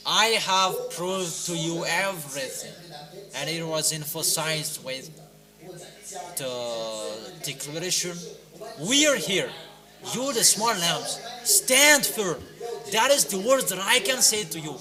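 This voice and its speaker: A man preaching a sermon, exhorting his listeners with loud, emphatic commands that fall back to quieter lines. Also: animated, slow pace. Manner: exhorting, rising to loud emphatic commands then dropping low. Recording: clear music playing behind the voice.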